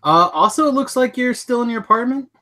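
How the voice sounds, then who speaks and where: A man's voice: very high-pitched, animated, quick pace, sharp tone. A middle-aged man co-hosting a casual podcast chat, joking and rambling on a webcam call. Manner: joking, rambling, hums tunes. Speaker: podcast co-host. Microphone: webcam video call.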